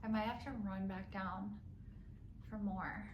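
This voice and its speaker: Casually vlogging on her handheld phone, a young woman sounds chatty and tired and laughs often. Her mid-range voice is unhurried with fairly even intonation, and the audio is dull. She starts on a noisy city street outdoors, then moves into an echoey room indoors.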